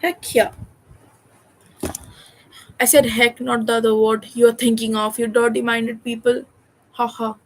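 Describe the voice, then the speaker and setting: High-voiced teen, reading aloud. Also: female voice, level tone, normal speed, poor audio. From India. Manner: distracted and chatty, breaks off reading for joking, swearing asides. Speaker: student livestreamer. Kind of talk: reading a textbook aloud on a study livestream.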